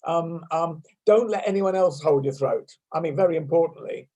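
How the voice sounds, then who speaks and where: A man with an English accent leading an online laughter yoga class over a video call, playful and self-mocking, demonstrating laugh sounds out loud. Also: on the high side, moderate pace. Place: home room on a video call.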